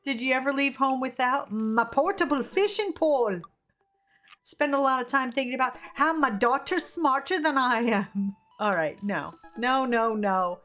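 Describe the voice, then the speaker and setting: A woman streamer chats through a game, laughing often and reading viewers' messages aloud. Her voice is fairly high, with faint game music underneath. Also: animated, unhurried, a bit bright. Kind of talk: casual gameplay commentary.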